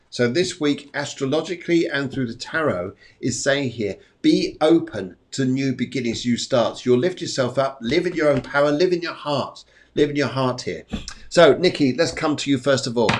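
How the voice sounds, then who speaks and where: A man's voice: mid-range voice, animated, normal speed. A man hosting a live psychic medium show, chatting casually and rambling, often repeating his phrases. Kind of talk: live-streamed casual chat and readings. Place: indoors at home during a storm.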